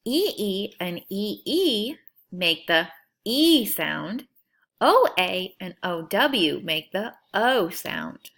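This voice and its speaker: Slow, lively-voiced woman teaching phonics. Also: medium pitch, gravelly. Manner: slow, stretched-out sounding of words. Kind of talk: phonics lesson for young children.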